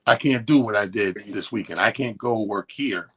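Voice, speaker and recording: A man's voice: fairly low pitch, moderate pace, a bit bright, breathy edge. A man co-hosting a radio show, telling a long, profane story in casual chat and acting out both sides of the quotes. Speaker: radio co-host. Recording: radio studio.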